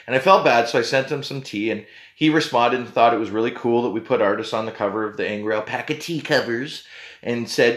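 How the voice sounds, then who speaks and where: Rambling, joking podcast host. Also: male voice, mid-range voice, brisk. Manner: rambling, joking, self-deprecating. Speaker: podcast host and tea company owner. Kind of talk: casual podcast chat. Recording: roomy echo.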